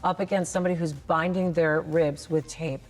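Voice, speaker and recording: Woman host, casual interview, encouraging, lowish voice, faint music behind. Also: fairly even intonation, normal speed. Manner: emphatic and encouraging. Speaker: talk show host and competition judge. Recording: roomy reverb with faint music.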